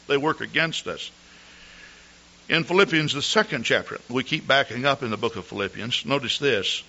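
Animated male preacher, bright voice. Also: medium pitch, moderate pace. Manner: animated storytelling preacher, clears throat often. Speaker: pastor. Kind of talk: sermon. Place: church service. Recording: dull lo-fi recording.

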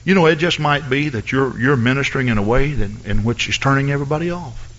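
A man preaches a sermon, reading scripture slowly before climbing into fervent, shouted calls to his listeners. His voice has a bright edge. The recording sounds dull and lo-fi, like an old church tape. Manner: builds from a low, measured reading of scripture to loud shouted exhortation.

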